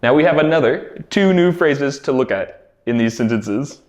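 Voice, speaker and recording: A man teaching everyday English phrases, explaining clearly and slowing down to model each one. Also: medium pitch, expressive, darkish tone. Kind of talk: English pronunciation lesson. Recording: roomy echo.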